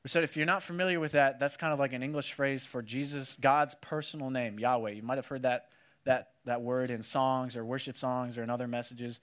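A man preaching a casual sermon, telling the story with animated energy and acting out what people said. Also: mid-range voice, a little fast. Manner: animated storytelling, acts out quotes, many "like"s. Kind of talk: casual sermon to a youth audience.

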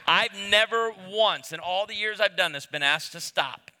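A pastor in his fifties delivers a sermon full of funny stories. He acts out the other voices as he tells them, and his voice is high-set and very bright and forceful. It carries with a long reverb, as if spoken in a large hall. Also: normal speed. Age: 50s. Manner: animated storyteller, acts out voices.

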